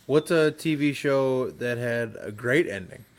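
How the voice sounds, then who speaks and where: Young guy, podcast co-host, mid-pitched, enthusiastic ranter. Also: measured pace. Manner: enthusiastic ranting. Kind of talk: casual podcast chat.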